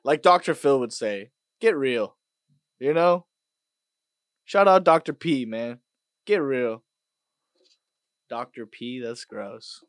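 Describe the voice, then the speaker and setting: A man hosting a podcast, ranting casually and profanely, dropping to mutters and then bursting out loud. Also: mid-range voice, lively intonation, measured pace, dry recording, clean studio sound. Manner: profane, swings between mutters and loud outbursts. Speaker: podcast host. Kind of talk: casual rant monologue.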